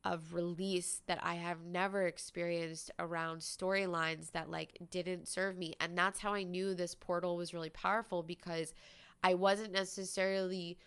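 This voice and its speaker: Woman host, low-pitched, gravelly but smooth voice, candid chatty storytelling with lots of "like". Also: level tone, moderate pace, fairly bright tone. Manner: candid, conversational, many "like" fillers. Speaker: podcast host. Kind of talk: personal storytelling monologue.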